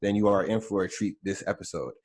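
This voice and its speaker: A man's voice: lowish voice, steady tone, fast talker, darkish tone. A young man hosting a podcast in casual chat, laid-back and slangy, with lots of "you know" fillers. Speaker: podcast host.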